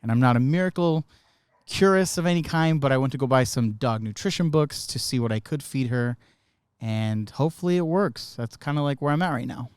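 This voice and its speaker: An earnest man co-hosting a podcast, talking steadily and pressing with brief follow-up questions. His voice is smooth and resonant, recorded close with a dry, roomless sound. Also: medium pitch, brisk, darkish tone, no echo. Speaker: podcast co-host. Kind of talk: casual chat.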